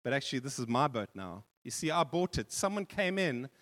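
A man's voice: mid-range voice, very animated, brisk, fairly bright tone, voice pushed down. A man voicing a firm, matter-of-fact shopkeeper in a church hall with long reverb. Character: firm adult male shopkeeper.

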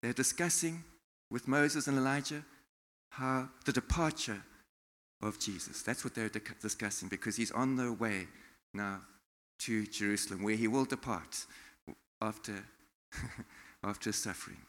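A man from South Africa preaching a sermon in a church, animated, acting out quotes and laughing often. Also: mid-range voice, a little slow. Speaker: pastor. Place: church hall. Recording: long hall reverb.

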